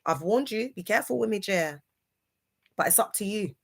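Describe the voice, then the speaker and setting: A woman's voice: medium pitch, lively intonation, normal speed, creaky, breathy edge. A woman talks to her live viewers in a casual, emphatic, preachy way, often checking that they understand, while grieving. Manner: emphatic, preachy, keeps asking if listeners understand. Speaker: livestreamer. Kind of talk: casual livestream monologue.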